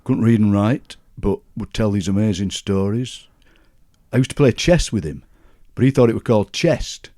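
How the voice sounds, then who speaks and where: Lively Barnsley-accented older man. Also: on the low side, normal speed. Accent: Yorkshire, Barnsley. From Yorkshire, England. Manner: chatty, warm-humoured, chuckles through his stories. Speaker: guest poet. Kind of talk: anecdotal conversational storytelling.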